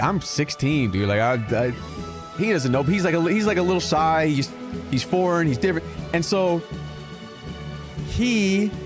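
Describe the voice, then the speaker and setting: Young man, streamer, casual rambling storyteller, fairly high voice, background music. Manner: animated, rambling, self-interrupting. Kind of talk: casual storytelling while gaming.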